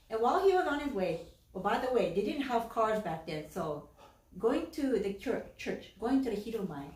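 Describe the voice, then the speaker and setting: A woman minister telling a story in a chatty, animated sermon in a church. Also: mid-range voice. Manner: animated, chatty, with many fillers. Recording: echoey church from a distance.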